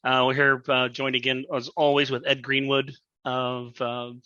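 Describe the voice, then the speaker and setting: A man's voice: mid-range voice, monotone, normal speed, sharp tone, dry recording. A man hosting a casual chat on a video call, joking and self-deprecating. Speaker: podcast host. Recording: dull lo-fi audio.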